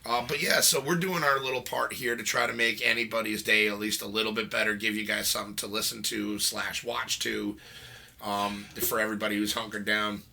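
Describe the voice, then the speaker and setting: A man's voice: on the low side, little pitch movement, brisk, vocal fry, bright, forceful tone. A young man hosting a casual podcast, rambling with lots of fillers and frequent laughs. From New York. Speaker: podcast host. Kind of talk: casual chat.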